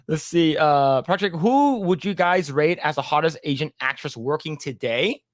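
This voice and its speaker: A man's voice: on the high side, lively intonation, measured pace, dry recording, clean studio sound. A man co-hosting a casual livestream podcast, reading chat comments aloud in a laid-back way and laughing often.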